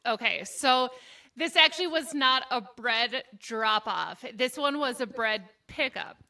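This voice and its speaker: A woman's voice: fairly high pitch, a little slow, pushed and bright. A woman from Wisconsin with a Midwestern accent, co-hosting a casual chat podcast with her sister, blunt and joking. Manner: blunt, joking, swears freely. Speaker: podcast co-host.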